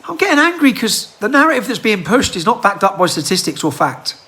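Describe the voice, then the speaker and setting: A man's high-sitting voice sounds pushed and bright, sing-song and fairly quick, as he rants into a handheld phone. He's a political commentator firing rhetorical questions in an impassioned monologue to camera.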